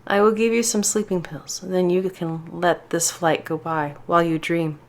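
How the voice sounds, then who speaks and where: A woman voicing a protective man comforting his twin sister, calm and gently reassuring. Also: fairly low pitch, normal speed, natural voice.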